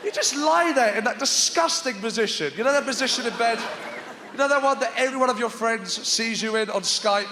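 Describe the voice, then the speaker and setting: A man performing stand-up comedy on a theatre stage, animated and often shouting. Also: very high-pitched, a little fast. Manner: animated, shouting bits and put-on voices. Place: large theatre stage with live audience. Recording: echoey hall with crowd noise.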